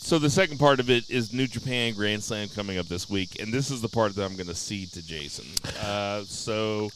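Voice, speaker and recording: A man's voice: fairly low pitch, normal speed, noisy background. A man hosting a podcast in casual chat, joking and steering the topics. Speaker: podcast host.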